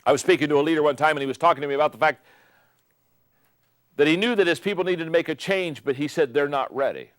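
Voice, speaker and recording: An older man giving an emphatic motivational talk on leadership, repeating key phrases and building to loud peaks. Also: on the high side, fast talker, pauses often, no echo, studio quality. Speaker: speaker on leadership.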